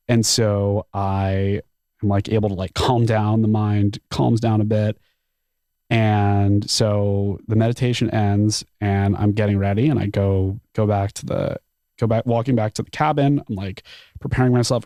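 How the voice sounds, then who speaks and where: A man telling a story as a podcast guest, animated, often saying "like" and acting out his own thoughts. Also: fairly low pitch, unhurried, no echo, studio quality. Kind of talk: casual storytelling.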